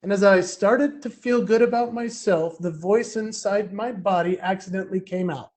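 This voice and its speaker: A man giving a keynote talk, telling a story in a lively, chatty, self-deprecating way. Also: sits high, normal speed. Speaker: keynote speaker.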